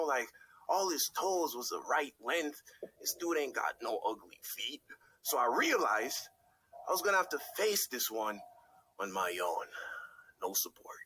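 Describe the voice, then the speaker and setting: Animated, bright young man. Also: mid-range voice, slightly rough, low-quality recording. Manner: comic, expressive, self-deprecating. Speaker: storyteller in a watched video. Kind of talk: animated storytelling narration.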